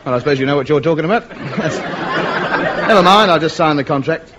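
An actor playing a vain, self-important comedian who blusters and fusses, in a 1950s radio comedy. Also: male voice, fairly high pitch, moderate pace, over a noisy crowd, natural voice. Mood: blustering. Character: vain, pompous male comedian, easily flustered. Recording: dull old radio recording with faint hiss.

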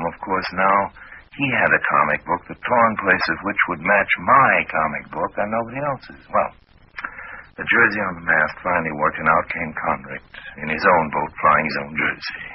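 A man's voice: deep voice, slightly rough. An actor playing a suave, wry crook who narrates his own story in 1940s radio drama style. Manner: wry, dry, teasing. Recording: muffled old radio recording with faint hiss.

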